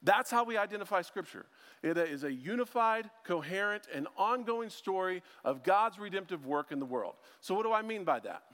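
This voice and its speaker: A man's voice: sits high, lively intonation, normal speed, fairly bright tone. A man preaching a casual conversational sermon, chatty and joking, with self-deprecating asides as a ministry school teacher. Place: church sanctuary. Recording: long hall reverb.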